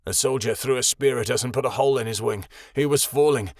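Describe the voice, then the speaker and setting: A man's voice: medium pitch, fast talker, darkish tone, dry recording, clean studio sound, natural voice. A man voicing a wounded, remorseful husband and father, pleading in a broken tone.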